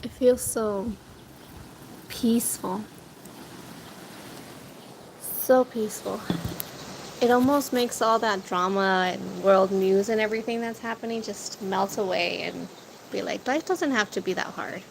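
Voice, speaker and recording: Gravelly-voiced woman vlogging outdoors. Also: mid-range voice, measured pace, pauses often. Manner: chatty storyteller, swears casually, laughs often. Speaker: food vlogger. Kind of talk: casual chat to a live audience. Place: outdoors near a corner store. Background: wind and birds.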